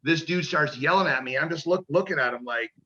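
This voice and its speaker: A man's voice: on the high side, brisk, pushed and bright, highs cut off. A man, a pro wrestler, telling rambling, profane stories in a casual interview and acting out the voices of people he quotes.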